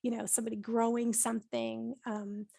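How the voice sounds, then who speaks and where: A woman's voice: on the high side, level tone, moderate pace, vocal fry, dark tone, dry recording, studio quality. A woman telling a personal story in a casual interview, chatty and full of "like" and "you know". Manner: chatty, heavy use of "like" and "you know", laughs often. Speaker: podcast host and cookbook author, interviewed.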